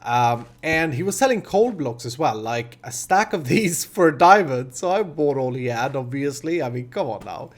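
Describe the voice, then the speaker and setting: A man's voice: medium pitch, lively intonation, normal speed, hardly any pauses. A man in his thirties with a Swedish accent, hosting a casual gameplay commentary and chatting in a rambling way with many restarts. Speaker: host.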